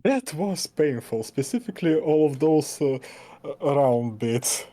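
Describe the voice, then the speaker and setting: A man's voice: fairly high pitch, animated, unhurried, mellow. A man whose first language is Russian, chatting hesitantly and searching for words. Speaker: stream guest. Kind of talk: casual chat.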